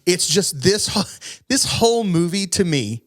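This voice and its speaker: A man co-hosting a podcast in casual, animated chat with frequent laughs. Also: sits high, unhurried. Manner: animated, chatty, laughs often. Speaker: podcast co-host.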